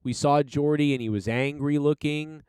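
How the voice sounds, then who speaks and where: Excited man rambling in a dry booth. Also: a little high, moderate pace, clear, resonant tone, dry recording. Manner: enthusiastic, rambling, swears casually. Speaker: podcast host reviewing a TV episode. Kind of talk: casual solo review chat.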